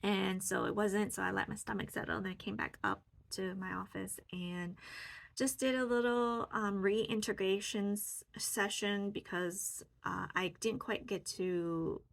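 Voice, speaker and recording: A woman in her own home office, softly and warmly sharing a personal healing experience with many fillers. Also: mid-range voice, unhurried, gravelly. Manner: soft, heartfelt, with many fillers. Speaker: spiritual vlogger. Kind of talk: casual reflective sharing.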